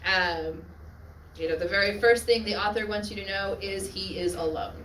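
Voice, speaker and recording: A woman teaching a Latin class on literary devices, often checking in with her students and adding quick asides. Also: medium pitch, fairly even intonation, a bit bright, slight background noise. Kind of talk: classroom lecture. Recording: echoey classroom from far off.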